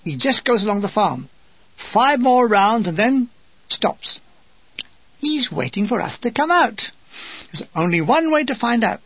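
A man reading a comic wartime memoir in a wry, deadpan way, in a dull, dry, lo-fi recording. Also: high-pitched, husky, no echo. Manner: wry, deadpan humor with acted asides. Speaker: memoir narrator.

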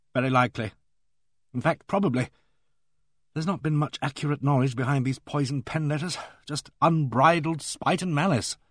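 A man's voice: mid-range voice, fairly bright tone, dry recording, studio quality. A man narrating an audiobook in a composed first-person storytelling manner.

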